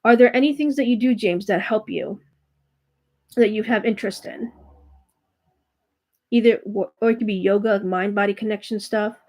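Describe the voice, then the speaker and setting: A woman giving a live tarot reading, speaking gently and reassuringly to a viewer, with frequent fillers and restarts. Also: mid-range voice, normal speed, pauses often. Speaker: tarot reader and spiritual coach hosting a live reading. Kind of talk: live-stream chat with viewers.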